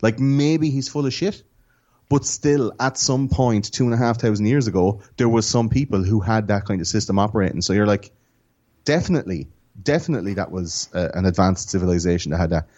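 A man's voice: lowish voice, fairly even intonation, brisk, mellow, lo-fi sound. An Irish man, a podcast guest, chatting casually and telling stories in an enthusiastic, rambling way. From Ireland. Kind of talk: casual chat.

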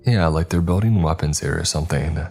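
A man's voice: very deep voice, a little fast, creaky, darkish tone, slightly rough, exaggerated voice. Man reading as a tough guarded young woman in a cell, short firm lines, creepy story. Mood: wary. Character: blunt, wary young woman prisoner.

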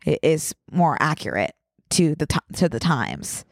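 Woman, podcast co-host, Northeast US accent, lowish voice, teasing and chatty, dry mic. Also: sing-song, a little slow, no echo. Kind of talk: casual chat.

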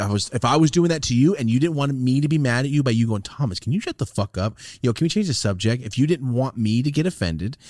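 A man co-hosting a casual podcast, swearing freely and acting out loud quoted voices as he tells stories. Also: medium pitch, no echo, studio quality. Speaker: podcast co-host.

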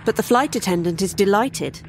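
A woman's voice: medium pitch, expressive, a little fast, noisy background. A woman narrating a first-person horror story in a wry, sardonic way.

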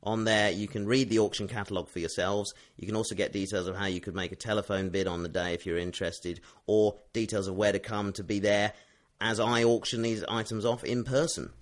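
A man's voice: fairly low pitch, flat delivery, brisk. A man from the United Kingdom, a guest on a podcast, chatting casually with a lot of fillers and restarts. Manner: rambling, with many fillers and restarts. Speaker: interview guest. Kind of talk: casual chat.

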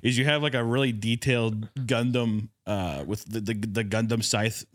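A man's voice: fairly low pitch, steady tone, moderate pace, no room sound, clean studio sound. A man hosting a podcast in casual chat, rambling and teasing his friends with frequent laughter and swearing. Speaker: podcast host.

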